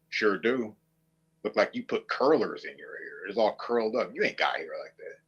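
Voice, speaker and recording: A man's voice: fairly low pitch, lively intonation, moderate pace, fairly bright tone, breathy edge, dull audio. A man streaming, ranting to viewers with a profane, mocking, combative manner. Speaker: online streamer.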